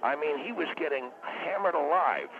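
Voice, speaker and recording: A man's voice: on the high side, expressive, normal speed. A man from Las Vegas calling in to a radio show, hesitant and full of restarts. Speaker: caller. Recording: gravelly tinny phone line with hiss.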